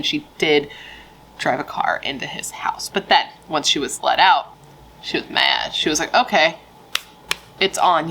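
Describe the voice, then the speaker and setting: A woman's voice: low-pitched, creaky, a bit bright, a little hiss or hum, low-quality recording. A woman telling a true crime story in a casual, frank, chatty way, swearing freely and using lots of fillers.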